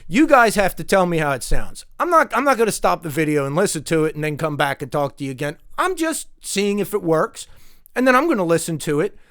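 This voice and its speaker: A man's voice: fairly high pitch, animated, a little fast, fairly bright tone. A man with a stuffed-up nose reviewing a new microphone in a loose, rambling vlog, talking through a lapel mic and then the new mic. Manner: rambling, loose, with fillers and mild swearing. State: stuffed up from allergies. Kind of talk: casual unboxing talk. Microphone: lapel mic, then a desk condenser mic.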